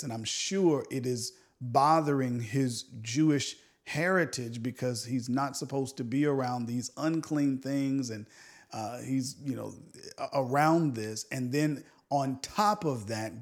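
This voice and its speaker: A man co-hosting a casual Bible discussion, thoughtful and unhurried, with many fillers and restarts. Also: mid-range voice. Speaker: podcast co-host.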